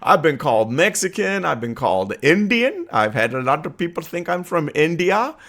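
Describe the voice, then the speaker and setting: Lively-voiced man hosting a commentary channel. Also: fairly high pitch, normal speed. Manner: chatty, laughs easily, asks viewers for opinions. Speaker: political commentary channel host. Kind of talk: casual commentary to camera.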